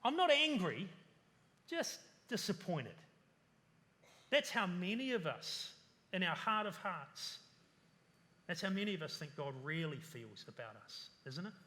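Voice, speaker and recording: Bright high-voiced male preacher in reverb. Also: expressive, moderate pace. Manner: earnest preaching with repeated lists and rhetorical questions. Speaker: pastor. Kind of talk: sermon.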